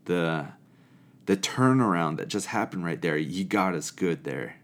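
Deep-voiced man telling a reflective story. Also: measured pace. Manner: animated and expressive, acting out quoted people. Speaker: storyteller sharing a camp memory. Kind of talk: reflective spiritual storytelling talk.

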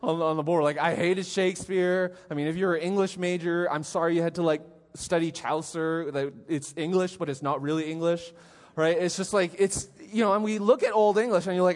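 A middle-aged man preaching a conversational sermon as pastor, telling stories in an animated way and often asking "right?". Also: fairly high pitch, fairly quick, big-room sound. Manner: animated storytelling, frequent "right?". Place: church hall.

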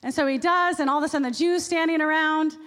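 A woman pastor giving a sermon in a church, lively and acting out the voices she quotes. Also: high voice, fast. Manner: animated, acts out quoted voices. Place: church sanctuary. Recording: long reverb of a large hall.

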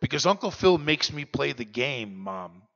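Brief: frightened little boy, voiced by a man, gravelly and bright, lo-fi. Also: medium pitch, big pitch swings, moderate pace, pitched above the performer's own voice. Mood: pleading. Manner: pleading. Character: frightened seven-year-old boy. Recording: dull lo-fi recording, long hall reverb.

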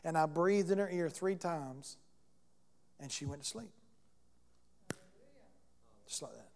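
Slow and a little mellow, with vocal fry, a slightly high man's voice preaches in a church sanctuary. As pastor he tells a conversational story and asks the congregation questions; long church hall reverb fills the recording.

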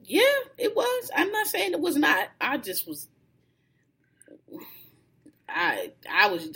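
A woman's voice: high voice, slow pace, long pauses. A woman telling a story in casual chat, laughing and acting out what people said. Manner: animated, laughing, acts out quoted lines.

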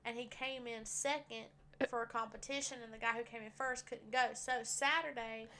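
A woman's voice: fairly high pitch, fairly even intonation, normal speed, sharp tone. A woman with a Southern US accent co-hosting a podcast, rambling casually with fillers and giggles. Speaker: podcast co-host. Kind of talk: casual chat.

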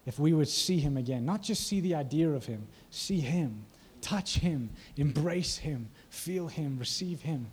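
A man's voice: a little high, lively intonation, a little slow, hardly any pauses, a little mellow, slightly rough. A male preacher giving a conversational sermon, often asking the congregation questions.

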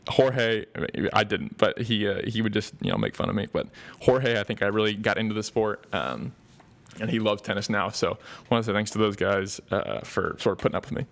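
A man's voice: on the low side, lively intonation, a little fast, gravelly. A young man hosting a podcast, talking in a rambling casual monologue with many fillers and restarts. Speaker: podcast host. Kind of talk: casual thank-you monologue.

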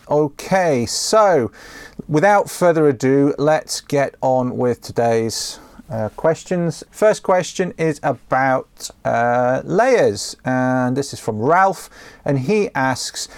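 A man's voice: medium pitch, slight background noise. A man hosting a questions show from his home office. He talks in a chatty way, full of ums and restarts. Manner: chatty, with frequent ums and self-corrections. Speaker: host answering viewer questions. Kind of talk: casual solo talk.

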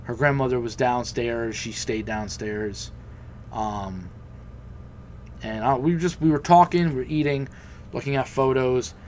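A man's voice: medium pitch, measured pace, slight background noise. Profane man telling a story. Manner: profane, animated, acts out quoted voices. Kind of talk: casual storytelling.

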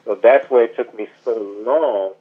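Over a tinny phone line, a male author tells a long, meandering story as a podcast guest, full of asides and fillers. His voice is mid-range with a breathy edge, and he speaks a little slowly.

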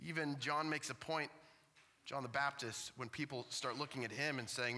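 A man's voice: mid-range voice, moderate pace, bright, forceful tone, big-room sound. A man preaching a sermon as pastor in a church, impassioned, asking the same questions again and again.

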